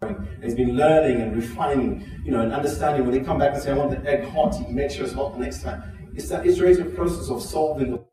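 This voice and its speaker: A man from Zimbabwe giving a conference keynote, telling stories and acting out quoted dialogue, with frequent restarts. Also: fast talker. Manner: animated storytelling, acts out quoted dialogue with pitch jumps; frequent restarts and filler words. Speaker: keynote speaker. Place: large conference hall. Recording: echoey hall, voice from a distance.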